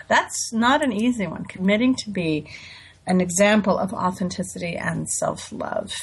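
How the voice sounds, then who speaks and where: A woman's voice: medium pitch, expressive, fairly quick, husky. A woman in her forties hosting a radio talk show, chatty and self-deprecating, with fillers and little laughs. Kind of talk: casual radio talk with readings.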